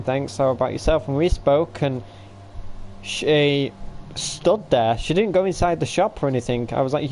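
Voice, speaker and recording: A livestream host with a medium-pitched, slightly mellow male voice rambles through a story, yawning and hiccupping as he goes. He keeps quoting other people with "I was like," and there's a faint hiss or hum in the background.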